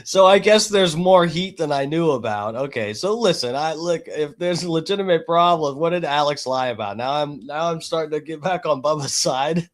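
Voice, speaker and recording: A man hosting a podcast, talking loudly and excitably in casual chat, with frequent swearing. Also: fairly high pitch, normal speed, few pauses. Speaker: podcast host.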